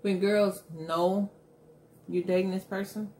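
A woman's voice: mid-range voice, fairly even intonation, slow, warm tone, slight background noise. A middle-aged woman hosting an eating show at home, chatting candidly and with emphasis while she eats. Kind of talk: casual chat while eating.

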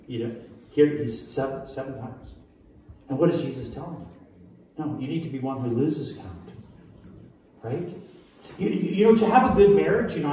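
A man's voice: on the high side, darkish tone, slight background noise. A male pastor preaching a sermon in a conversational way, full of restarts and questions to the congregation. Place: large church hall. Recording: echoey church hall from far off.

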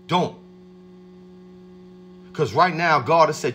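A man hosting a livestream, giving a streetwise motivational pep talk and shouting out viewers by name. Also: sits high, sing-song, normal speed. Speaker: livestream host.

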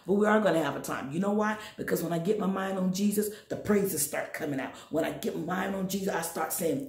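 A woman teaching Sunday school in an emphatic preaching style, talking straight to her listeners and breaking into sudden high exhortations. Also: fast, hardly any pauses, a little mellow, reverberant. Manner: addresses listeners directly. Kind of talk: sermon.

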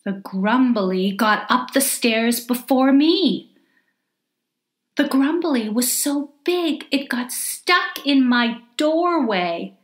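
A woman reading her own children's picture book aloud in a gentle, deliberate, expressive way. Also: sits high, echoey room. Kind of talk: slow storybook narration for children.

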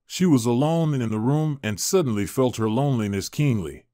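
A man reading a scripted story aloud in a steady, even manner. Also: mid-range voice, normal speed, dry recording, clean studio sound.

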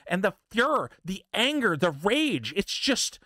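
A man's voice: high-pitched, sing-song, unhurried, hardly any pauses, bright, forceful tone, no room sound, clean studio sound. A man ranting in a commentary video, heated and profane, mocking and lecturing the viewer. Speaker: commentary YouTuber.

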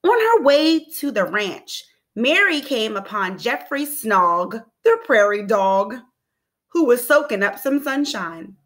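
A woman teacher reading a storybook aloud to children, expressive and asking them encouraging questions. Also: a little high, slow pace. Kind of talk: storybook read-aloud lesson.

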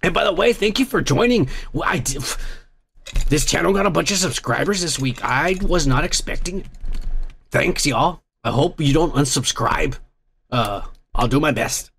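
A man's voice: fairly high pitch, animated, normal speed, gravelly, fairly bright tone, husky. A man hosting a casual livestream, reading chat messages aloud in a blunt, profane, rambling way while drinking. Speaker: host.

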